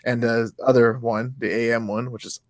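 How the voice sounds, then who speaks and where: A man in his thirties co-hosting a podcast, excitable and swearing freely, his pitch jumping up when he gets worked up. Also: normal speed, no echo, studio quality. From Europe. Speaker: podcast co-host. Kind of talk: casual chat.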